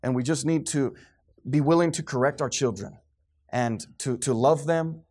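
A man's voice: mid-range voice, normal speed, a little mellow, husky. A middle-aged man preaching a sermon to a congregation, fervent and preachy, sometimes losing his train of thought.

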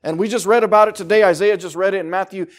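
A man preaching a sermon with fervour, swinging from low, quiet stretches to loud, emphatic bursts. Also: steady tone, very fast.

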